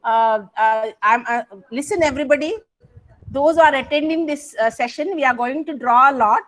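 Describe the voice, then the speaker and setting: Over a rough video-call connection, a woman with an Indian English accent teaches English grammar in an online coaching class. Her voice is high and fairly bright, at a normal speed, and she coaxes students to answer, using lots of fillers and correcting herself often.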